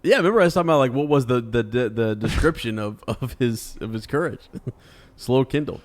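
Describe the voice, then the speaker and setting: A man co-hosting a podcast, chatting casually about a book, halting with many restarts. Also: medium pitch, lively intonation. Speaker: podcast co-host. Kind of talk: casual book discussion chat.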